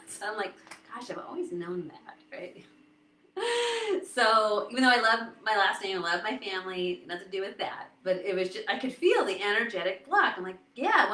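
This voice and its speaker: Bright chatty woman on a live stream, laughs a lot, roomy echo. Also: mid-range voice, a little hiss or hum. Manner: chatty, laughs often, quotes others in lively voices. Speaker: host. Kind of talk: casual live-stream talk.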